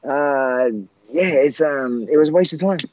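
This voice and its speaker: A former fighter in his forties casually tells a long story at an easy, rambling pace, his darkish voice sitting a little high for a man. He halts constantly on "uh" and "um" and restarts, and the dry, somewhat muffled audio sounds lo-fi with no room sound.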